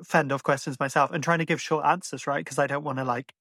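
Chatty Irish podcast host, dry sound. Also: male voice, fairly high pitch, steady tone, fast, sharp tone, dry recording. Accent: Irish, mixed and hard to place. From Ireland. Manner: chatty, rambling, lots of "like". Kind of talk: casual chat.

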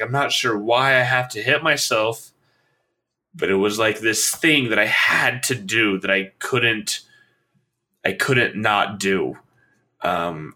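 Bright-voiced young man recounting a hard night. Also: on the low side. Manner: halting, many restarts and fillers, recounting intensely. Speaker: guest telling a personal story. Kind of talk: personal account in a conversation.

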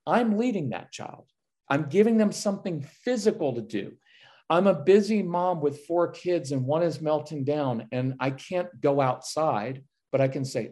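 A man whose voice runs on the high side talks unhurriedly as a guest on a laid-back podcast. He gives parenting advice with energy, voicing both himself and his children to show what he tells them.

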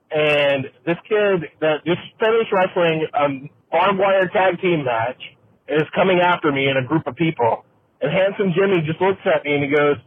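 A man's voice: on the high side, moderate pace. A man from Mississippi, telling an anecdote as a caller and acting out the quotes in it. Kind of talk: storytelling anecdote. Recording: tinny phone line with faint noise.

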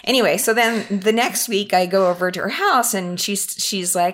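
A woman chatting casually, telling a story in a lively, self-mocking way and putting on the voices of the people in it. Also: medium pitch, normal speed. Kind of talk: casual chat.

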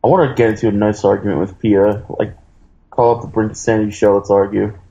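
A brash man who swears freely, co-hosting a comedy podcast. His low, dark voice comes through a dull, muffled mic. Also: flat delivery, brisk. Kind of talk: casual comedy podcast chat.

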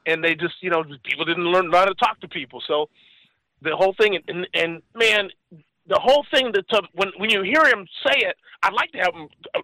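A man's voice: high voice, a little fast, sharp tone, dry recording, rough recording. A man in his forties telling a story in casual chat, rambling and acting out the voices of the people he quotes. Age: 40s.

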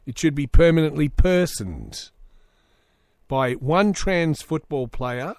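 A man's voice: on the high side, slow, a little mellow, dry recording, clean studio sound. A man hosting a solo comedy podcast, reading news aloud with sarcastic asides. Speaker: podcast host.

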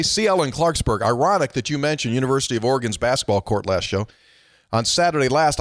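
A man's voice: medium pitch, no echo. A man co-hosting a casual sports podcast, telling stories and reading listener emails with dry asides. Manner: storytelling, reads emails aloud with dry asides.

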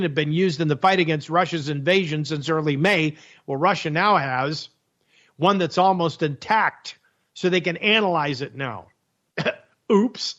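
High-voiced radio guy ranting sarcastically about the news, laughs at his own jokes, kinda muffled audio. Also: a bit bright. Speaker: radio host. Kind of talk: opinionated talk radio monologue.

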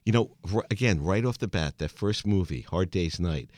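Male host, enthusiastic storyteller, low voice, dry close sound. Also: lively intonation, normal speed, a little mellow, dry recording. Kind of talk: casual chat.

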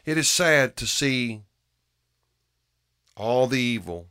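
A man's voice: mid-range voice, lively intonation, slow pace, bright, forceful tone, smooth. A man preaching a sermon in an earnest way, often repeating phrases and restarting his words for emphasis.

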